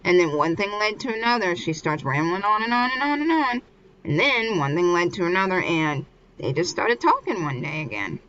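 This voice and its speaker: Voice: mid-range voice, big pitch swings, normal speed, a bit bright. A vlogger casually retelling a comic chapter, rambling loosely with lots of filler and restarts. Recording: muffled with faint hiss.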